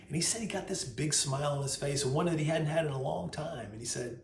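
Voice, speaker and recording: Lively storytelling man in an echoey room. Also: on the high side, a little fast, hardly any pauses, slight background noise. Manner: lively storyteller, acts out voices. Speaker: host. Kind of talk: casual storytelling vlog. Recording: roomy echo.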